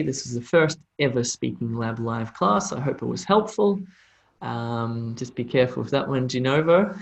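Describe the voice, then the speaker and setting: The speaker is a man of medium pitch giving a live online English lesson in a laid-back, talkative style. He voices questions students have sent and models sounds slowly, over and over, on a low-quality recording.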